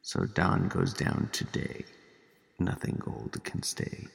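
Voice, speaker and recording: A man reciting a poem slowly and solemnly. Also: rumbling low, big pitch swings, vocal fry, long reverb tail. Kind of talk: slow poetry reading.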